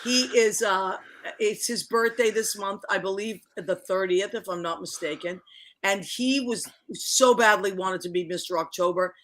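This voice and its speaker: A woman's voice: medium pitch, moderate pace. Chatty woman hosting an online show. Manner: chatty, warm, laughs easily, restarts often. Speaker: show host. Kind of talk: casual online chat show.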